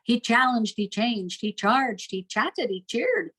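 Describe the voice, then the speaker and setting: A middle-aged woman teaching a recorded literature lesson, reading rhymes and word lists aloud in a lively sing-song way. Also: on the high side, slow, breathy edge, poor audio. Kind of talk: recorded homeschool literature lecture.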